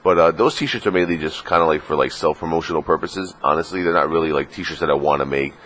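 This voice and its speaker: A man with a very low voice chats through a casual vlog rant. He rambles with plenty of fillers and crude jokes, and he sounds a bit sniffly. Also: fast, a bit bright, a little hiss or hum. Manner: crude, joking, full of fillers, slips into mocking put-on voices. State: sniffly, just woke up. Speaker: vlogger.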